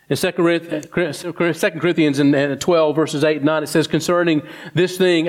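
A man preaching a sermon who climbs high and quick for mock complaints, then sinks low and slow on scripture.

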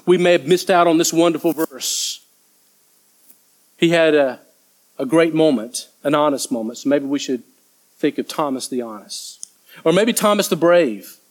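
A man's voice: a little high, low-quality recording. A man preaching a sermon in a conversational way, now and then acting out the voices of people in the story. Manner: conversational, acts out disciples' voices. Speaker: pastor.

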